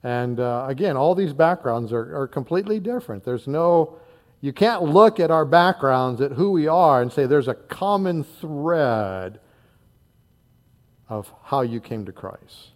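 A pastor in his sixties from northern Indiana preaches earnestly, in a loose conversational style that keeps circling back with little fillers. His voice sits a touch higher than most men's. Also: expressive, unhurried. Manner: earnest, conversational preaching with frequent "uh" and repeated words. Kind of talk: sermon.

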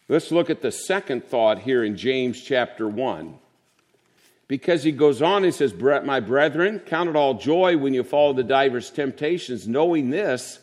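An older man preaching a sermon to a congregation in a conversational style, sometimes mimicking voices for effect. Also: mid-range voice.

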